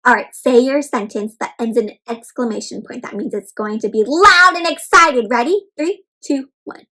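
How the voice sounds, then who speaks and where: A woman's voice: a little high, normal speed, bright, forceful tone, poor audio. A woman hosting a children's read-aloud, teaching young kids in an encouraging sing-song way, often calling them friends. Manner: encouraging, repeatedly addresses listeners as friends; bouncy sing-song teacher delivery with counted prompts.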